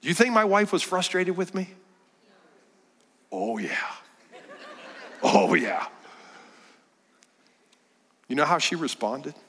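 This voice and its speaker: A middle-aged man giving a sermon as a guest preacher, telling a story with lively delivery and dropping to hushed tones. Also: high voice, slow, pauses often. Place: church sanctuary. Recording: church hall with long reverb.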